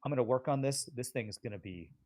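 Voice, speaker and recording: A man voicing an excitable male tinkerer in a tabletop game, gushing eagerly about gadgets. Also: medium pitch, quick pace, close to an everyday voice. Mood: excited.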